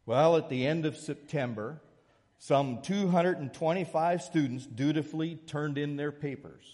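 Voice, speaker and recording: A man preaching a sermon, moving between a soft prayer and a lively illustration. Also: fairly high pitch, unhurried, in a large hall. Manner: storytelling, shifts from soft prayer to lively anecdote. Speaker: pastor.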